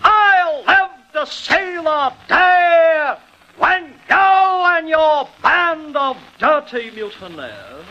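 A man impersonating a tyrannical older ship captain with a slight British accent, punching the start of lines and fading from a shout to near whisper. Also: extremely high pitch, pitched above the performer's own voice, heavily acted. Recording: dull old radio recording.

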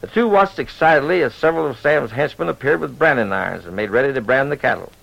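A man's voice: mid-range voice, expressive, fast, vocal fry, fairly bright tone. A man telling a western story on the radio in a folksy cowboy drawl. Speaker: radio storyteller and show host. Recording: lo-fi old radio recording.

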